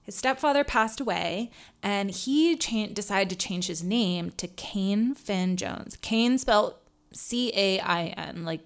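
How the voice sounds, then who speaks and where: A woman's voice: mid-range voice, slow pace. Chatty woman in her 30s co-hosting a podcast, says like a lot, laughs easy. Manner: chatty, lots of "like", laughs often. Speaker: podcast co-host. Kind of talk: casual chat, telling a true-crime story.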